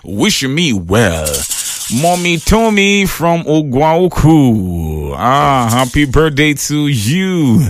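A male radio host with a Nigerian Pidgin accent, reading out listener messages and greetings on a call-in show with loud exclamations and laughter. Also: on the high side, very animated, drawn-out words, slight background noise.

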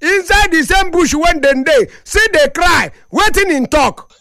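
A man's voice: extremely high pitch, unhurried, bright, forceful tone, no room sound. A man with a Nigerian Pidgin accent, hosting a radio show in a studio and giving impassioned commentary full of rhetorical questions. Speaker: radio host.

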